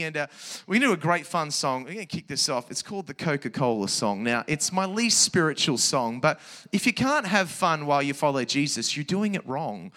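A man's voice: fairly high pitch, sing-song, brisk, pushed and bright. A man leading a children's church service, speaking with playful, enthusiastic energy from a church stage. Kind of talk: energetic church talk to kids.

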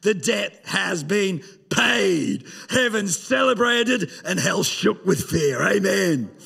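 A male pastor preaching a sermon with a very high, bright voice. He speaks slowly and deliberately, swinging from hushed passages up to full shouts. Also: lively intonation, gravelly, breathy edge.

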